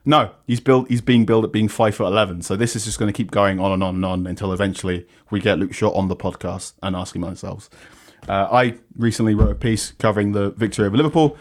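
A man's voice: lowish voice, fairly even intonation, fast. A young man hosting a football podcast, chatting casually and reading promotions in an upbeat way. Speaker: podcast host.

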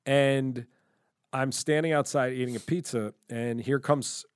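A middle-aged man co-hosting a podcast, telling animated stories with free swearing and acting out his own lines. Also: medium pitch, measured pace, smooth, dry recording, clean studio sound. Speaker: podcast co-host. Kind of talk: casual storytelling chat.

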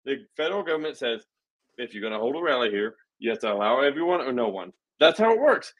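A young adult man hosting a podcast, telling stories in an animated, indignant way. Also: mid-range voice, fast talker, rough recording. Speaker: podcast host. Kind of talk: casual political chat.

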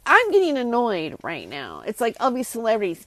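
Brief: woman host, slightly high voice, sarcastic and fed-up, very dry close sound. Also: huge pitch swings, a little fast, few pauses, dry recording. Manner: exasperated, sarcastic, rambling with many restarts. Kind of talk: casual solo rant.

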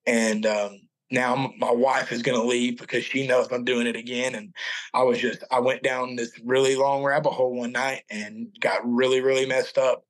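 Earnest halting man telling his testimony. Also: medium pitch, level tone, low-quality recording. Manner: earnest, halting, with many restarts. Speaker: podcast guest. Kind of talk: personal faith testimony.

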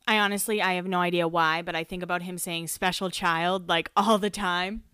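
A woman's voice: lowish voice, steady tone, a little fast, pushed and bright, smooth, no echo, clean studio sound. A young woman hosting a podcast, chatting casually and gossiping about a reality show with frequent laughs. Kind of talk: casual chat.

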